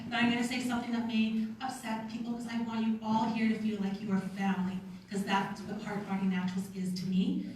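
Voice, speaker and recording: A woman's voice: on the high side, slight background noise. A Canadian woman giving a heartfelt personal testimony, close to tears and nervous, speaking at a leadership retreat. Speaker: network marketing team leader giving a speech. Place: large event hall. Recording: echoey hall, voice from far off.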